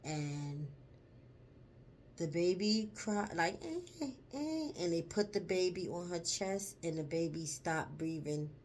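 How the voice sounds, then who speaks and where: A woman's voice: fairly low pitch, a little mellow, a little hiss or hum. A woman chatting casually to her vlog audience, emphatic and profane, getting choked up as she talks. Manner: slow, emphatic and profane, lingers on words; emotional, choked up while telling a story. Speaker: vlogger. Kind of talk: casual spoken vlog chat.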